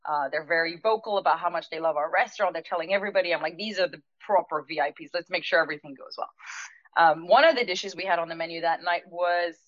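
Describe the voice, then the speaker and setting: A woman with a fairly low voice tells a story from her working life, bringing each quoted line to life. She laughs often as she goes. The sound is dry and a little dull. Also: fast, dry recording. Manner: lively, laughs often, acts out quoted dialogue. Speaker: restaurant owner telling a story. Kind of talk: anecdotal storytelling on a podcast.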